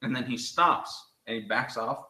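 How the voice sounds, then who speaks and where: A man from Oklahoma with a slight Southern accent, chatting casually as a show host in a profane, excitable, teasing way. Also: medium pitch, normal speed. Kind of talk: casual chat. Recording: echoey room.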